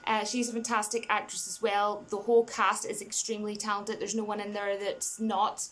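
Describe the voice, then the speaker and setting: A woman's voice: mid-range voice, completely flat delivery, normal speed, fairly bright tone, slight background noise. A woman giving a casual, rambling film review, enthusiastic and laughing between points, full of "you know" and restarts.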